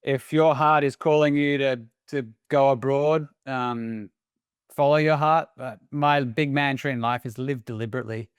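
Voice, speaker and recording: A man's voice: medium pitch, steady tone, normal speed, clear, resonant tone, dry recording, muffled recording. An Australian man in his forties, a podcast guest talking earnestly and emphatically, pressing his points with repeated short phrases. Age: 40s. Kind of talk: casual podcast conversation.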